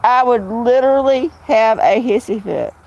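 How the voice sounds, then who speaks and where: A woman's voice: on the high side, lively intonation, normal speed, vocal fry, darkish tone, highs cut off. A woman chatting casually on a phone livestream at home, greeting viewers by name and telling stories. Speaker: livestream host.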